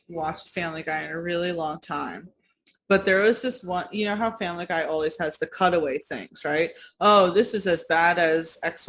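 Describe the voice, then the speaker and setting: A woman's voice: on the low side, a bit bright, a little hiss or hum. A woman co-hosting a podcast in casual chat, rambling through stories, laughing often and swearing casually. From United States. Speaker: podcast co-host.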